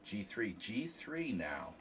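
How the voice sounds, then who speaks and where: A lower-voiced man with a nasal tone chats loosely to his viewers while he plays online chess, drifting into offhand, self-deprecating asides. He sounds a little distant from the mic, with a faint hiss of background noise. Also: sing-song, slow, fairly bright tone. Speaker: chess streamer hosting a tournament. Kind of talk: casual livestream commentary while playing.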